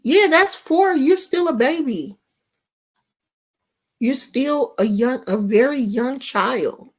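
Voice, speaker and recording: A woman's voice: high-pitched, takes it slowly, slightly rough. A woman, chatting casually and animatedly to her viewers in a vlog. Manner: animated, talks straight to viewers with dialect and asides. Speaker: vlogger.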